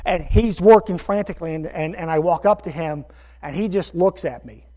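A middle-aged man, a pastor, telling a story in a sermon with animated, self-deprecating bursts of energy. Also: a little high, moderate pace. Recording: dull lo-fi sermon recording.

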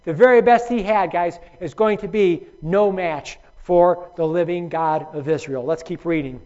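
A man's voice: on the high side, normal speed, a little mellow. A man teaching a Bible study, reading scripture aloud and speaking emphatically to his listeners by name. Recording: dull lo-fi recording.

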